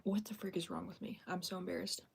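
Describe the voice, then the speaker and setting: A woman's voice: fairly low pitch, steady tone, fast, vocal fry, breathy edge. A young woman chatting casually on a live stream, self-deprecating and thanking viewers as she talks.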